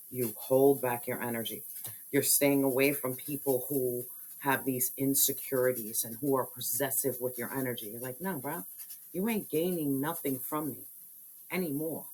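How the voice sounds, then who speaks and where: A woman's voice: very deep voice, a little hiss or hum, rough recording. A woman giving a spiritual tarot reading, talking bluntly and passionately with lots of slang and swearing. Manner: blunt, slangy and profane, fiery preaching tone. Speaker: tarot reader.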